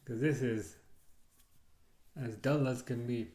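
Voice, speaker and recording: Speaking slowly at a medium pitch, a man hosts a live football watchalong stream. He chats casually and rambles through excitable rants, restarting again and again.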